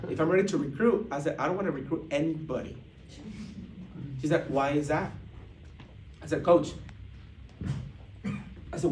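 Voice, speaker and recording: A man telling a story to a live audience at a business event, animated, acting out what people said, with many restarts. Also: a little high, normal speed, long pauses, a little hiss or hum. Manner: animated, acts out dialogue, frequent restarts. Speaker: motivational speaker at a business event. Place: large indoor event room. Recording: echoey hall, mic heard from a distance.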